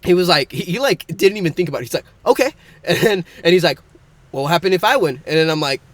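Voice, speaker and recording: A man's voice: high-pitched, animated, fast talker, no echo. A young man co-hosting a casual podcast, rambling through a story and laughing often. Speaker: podcast co-host.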